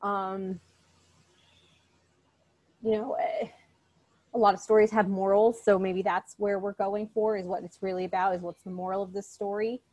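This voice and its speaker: A woman teaching a college English class in a recorded online lecture. She speaks at a middle pitch in a loose, chatty way and keeps checking in with her students. Her tone is direct but encouraging. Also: little pitch movement, moderate pace, pauses often, darkish tone. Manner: casual and chatty, often checks in with "okay?".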